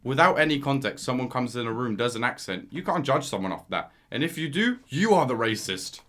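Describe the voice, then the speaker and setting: A young man co-hosting a podcast, arguing his point eagerly with quick restarts and stumbles. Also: medium pitch. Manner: animated, argumentative, stumbling restarts. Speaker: podcast co-host. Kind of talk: casual chat.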